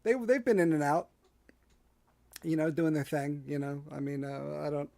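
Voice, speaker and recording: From his porch at home, a solo livestream host with a Delco Philadelphia accent rambles along, full of fillers and self-deprecation. His fairly high, creaky voice has a darkish tone and steady delivery at normal speed, with no echo on the desk mic.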